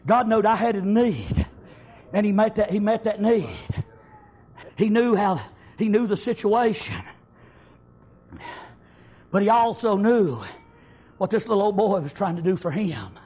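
A man preaching a testimony with fervent, folksy storytelling. His voice sits very high for a man and has a husky edge. He punctuates nearly every thought with "amen" and swells into shouted praise. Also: a little slow, pauses often. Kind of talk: testimony sermon.

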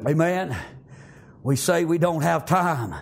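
A man preaching a fervent sermon, often breaking into shouts and filling his lines with "praise God" and "amen.". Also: fairly high pitch, takes it slowly, vocal fry.

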